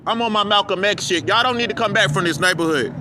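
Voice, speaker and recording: A man with a high-pitched voice rants profanely in a rambling vlog commentary. He is outside by a street, and clear traffic noise rolls behind him. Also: fast talker. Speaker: vlogger. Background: passing cars.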